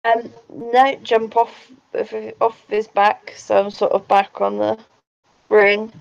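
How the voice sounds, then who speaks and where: A woman's voice: medium pitch, level tone, slow, creaky, smooth, muffled recording. A woman playing in a tabletop game, speaking hesitantly and unsure of the rules. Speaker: player. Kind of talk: casual game chat.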